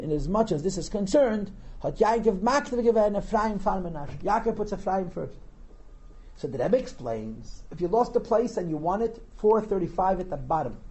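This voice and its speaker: Man, high voice, mellow tone, rabbi's lecture, rhetorical questions. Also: rough recording. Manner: translates Yiddish text line by line, asks rhetorical questions. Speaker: rabbi teaching a class. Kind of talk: lecture on Torah text, reading and translating.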